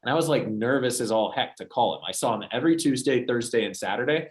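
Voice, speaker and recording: A man's voice: mid-range voice, fast talker. A young man giving a sales training talk, telling a story and acting out the voices of the people in it. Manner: storytelling, acts out quoted voices.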